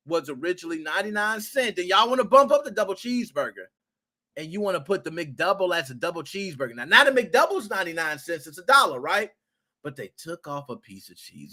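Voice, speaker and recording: A man hosting a gaming podcast, talking in an animated, excitable way with playful rants and cursing. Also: sits high, fairly quick. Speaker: podcast host. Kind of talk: casual commentary podcast.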